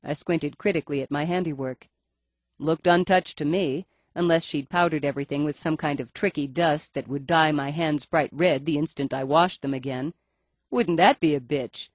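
A woman's voice: sits low, moderate pace, no echo. A woman reading a first-person audiobook in a wry, dry storytelling manner. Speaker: audiobook narrator.

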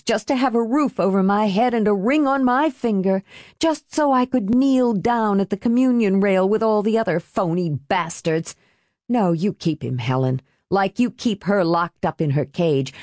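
A woman voicing a desperate, furious young mother who is bitter, confrontational and quick to curse, in an audiobook reading. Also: mid-range voice, a little mellow, no echo, lightly acted.

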